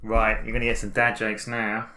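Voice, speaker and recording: A man's voice: fairly low pitch, monotone, normal speed, sharp tone. A man co-hosting a casual chat with his child, telling puns and laughing at his own jokes. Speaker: podcast co-host, father.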